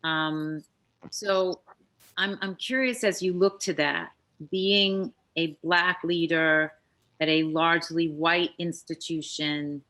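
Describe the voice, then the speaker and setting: A woman's voice: low-pitched, fairly even intonation, slow, sharp tone. A woman interviewer asking long, thoughtful questions with frequent fillers. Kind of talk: interview conversation.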